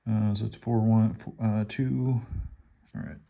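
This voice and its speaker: A man playing a board game at home, calmly talking through his turn and counting his units and money aloud. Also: lowish voice, a little slow, creaky, highs cut off. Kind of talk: casual solo board game playthrough.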